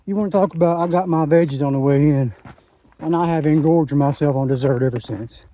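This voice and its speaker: A man's voice: a little high, brisk, dark tone, a little hiss or hum. A man, talking in a rambling, enthusiastic way into his phone while out hiking a mountain trail. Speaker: hiking vlogger. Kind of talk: casual trail vlog. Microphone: phone camera.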